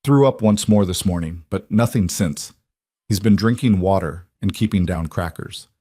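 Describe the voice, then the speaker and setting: A man voicing a calm, steady single father in a narrated story, speaking in a reassuring way. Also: low-pitched, normal speed, no room sound, clean studio sound.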